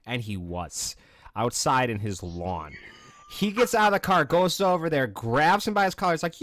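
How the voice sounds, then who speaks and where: A man's voice: medium pitch, big pitch swings, fairly quick, a bit bright, dry recording, studio quality. A male streamer telling stories to friends in casual, profane chat, acting out other people's lines. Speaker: streamer host.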